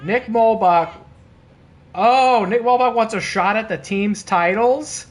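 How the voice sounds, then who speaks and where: A man streaming and commentating a wrestling video game, excitable and laughing, with casual swearing and playful trash talk. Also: sits high, unhurried. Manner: excitable, laughing, bursts of disbelief.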